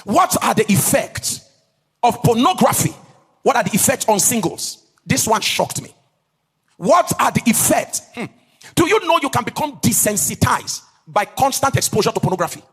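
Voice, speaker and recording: A man's voice: extremely high pitch, very animated, fairly bright tone, husky, long reverb tail. A man preaching a teaching sermon to a live audience in a sing-song cadence, stretching key words and asking the audience questions. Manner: asks the audience questions and pauses for answers. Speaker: pastor.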